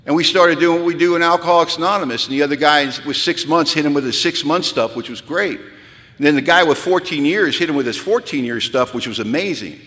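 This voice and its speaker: Man, 50s, retreat speaker. Animated, self-deprecating storyteller with a bright, tense voice. Recorded in a reverberant hall. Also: a little high, brisk. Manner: peppers speech with "man". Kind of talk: storytelling talk. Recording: echoey hall with long reverb.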